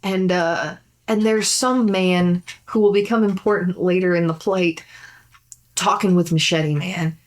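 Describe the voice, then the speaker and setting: A woman's voice: lowish voice, fairly even intonation, measured pace. A woman comedian telling a rambling anecdote on a podcast, laughing often and swearing freely. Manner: acts out gestures while talking. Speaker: comedian guest. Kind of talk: casual podcast storytelling.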